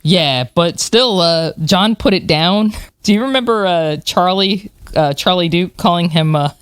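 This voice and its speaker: A podcast co-host telling stories in an animated way, with plenty of fillers and laughs. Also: medium pitch, measured pace, smooth, no echo, studio quality. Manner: animated storyteller, many fillers, laughs while talking. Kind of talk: casual chat.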